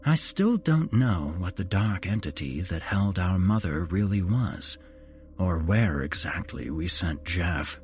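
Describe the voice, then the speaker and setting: Guy reading a scary story, low voice, slow, really lively and expressive. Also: soft background music. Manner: dramatic, unhurried storytelling. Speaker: host and narrator. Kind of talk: horror story narration.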